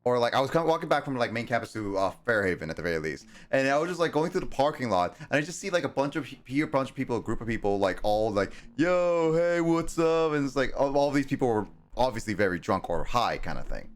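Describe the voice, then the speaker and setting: A young man in casual chat who tells stories haltingly, restarting often and filling pauses with hesitant sounds. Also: medium pitch, very animated, faint music behind.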